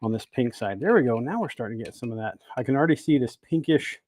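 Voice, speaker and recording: A man's voice: mid-range voice, lively intonation, quick pace, darkish tone. Chatty man hosting a workbench livestream. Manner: chatty, greets viewers by name between steps. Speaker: host of a bait-making livestream. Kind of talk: casual livestream demo talk. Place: indoor workshop.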